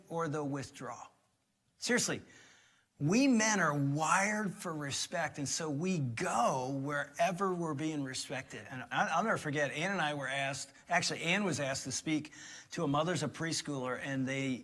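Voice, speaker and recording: A man preaching on a church stage, with a bright, forceful voice pitched a little high. He tells stories with animated, energetic delivery and throws in jokey asides. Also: moderate pace. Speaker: pastor co-teaching on marriage. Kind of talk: live sermon with banter. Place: church stage before a live audience.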